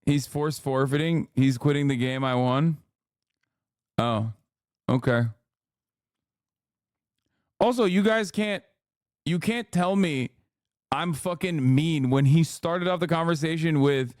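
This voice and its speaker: A man's voice: fairly high pitch, takes it slowly, long pauses, a little mellow, dry recording, studio quality. A man streaming casual commentary on a debate clip, joking and sarcastic, rambling with many fillers.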